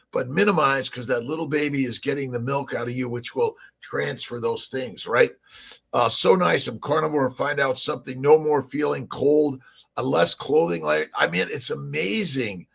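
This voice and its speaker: A middle-aged man with a gravelly edge hosts a casual morning livestream. He rambles cheerfully and greets his viewers one by one, and his voice sits at a middle pitch. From Southern California. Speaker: livestream host.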